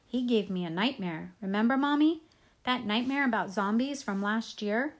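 A woman voicing a whiny, excitable little boy in a storybook reading. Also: a little high, normal speed, natural voice. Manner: whining, dramatic outbursts.

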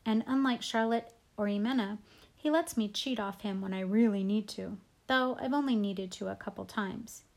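A woman's voice: mid-range voice, normal speed, creaky. A woman narrating a first-person audiobook in a casual, conversational tone. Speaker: audiobook reader.

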